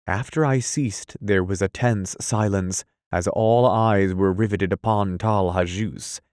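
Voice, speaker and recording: A man's voice: fairly low pitch, steady tone, a little slow, darkish tone, no room sound, clean studio sound. A man reading a classic adventure novel aloud as an audiobook, telling it steadily in the first person. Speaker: audiobook reader. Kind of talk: scripted storybook narration.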